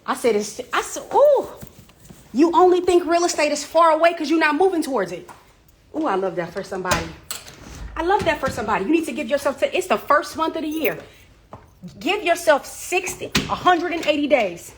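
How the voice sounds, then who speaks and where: High-voiced woman preaching real estate motivation. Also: expressive, brisk, noisy background. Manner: preachy, emphatic, repetitive call-and-response. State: getting out of breath. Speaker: real estate coach and agency owner. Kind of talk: motivational livestream talk.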